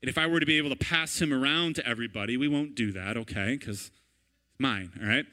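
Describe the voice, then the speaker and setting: A man in his thirties preaching a sermon in a lively, conversational way, often checking in with "right?". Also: mid-range voice, quick pace. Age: 30s. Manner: animated, conversational, repeats "right?" and "all right?". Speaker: pastor.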